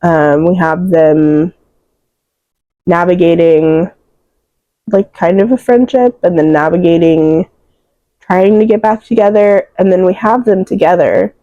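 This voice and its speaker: A young woman with a low, mellow voice talks through her reading list in a loose, rambling way, full of fillers. She sounds emotional, close to tears, and the sound is dry and close. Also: steady tone, unhurried, pauses often, no echo, lo-fi sound. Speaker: book reviewer. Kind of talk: casual book wrap-up chat.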